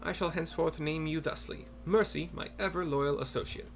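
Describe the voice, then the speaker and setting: A man's voice: a little high, a little fast, a little hiss or hum, pitched above the performer's own voice, lightly acted. A man voicing a grandiose, self-assured inspector who speaks in florid, old-fashioned formal phrases.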